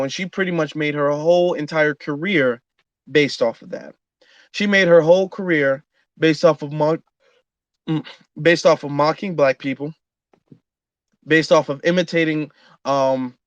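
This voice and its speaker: Man with a higher voice, lo-fi audio. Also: no room sound. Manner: talks with frequent fillers and restarts, earnest. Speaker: host. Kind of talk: casual monologue. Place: online audio room.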